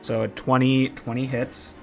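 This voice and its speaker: A male game master narrating a tabletop fantasy game at a medium pitch, playful and quick to laugh as he describes the action. Faint background music plays throughout. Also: flat delivery, vocal fry.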